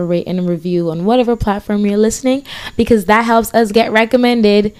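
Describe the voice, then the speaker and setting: A woman hosts her podcast in an easygoing, affectionate chat, laughing now and then. Her voice sounds mellow and warm. She speaks at a middle pitch. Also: fairly even intonation, a little fast, smooth. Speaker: podcast host.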